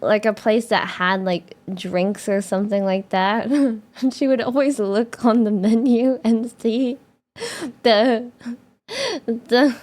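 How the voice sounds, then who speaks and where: A woman's voice: a little high, slow, darkish tone. A young woman VTuber telling a story to her chat in a casual, rambling way, laughing often and full of fillers. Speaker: VTuber streamer.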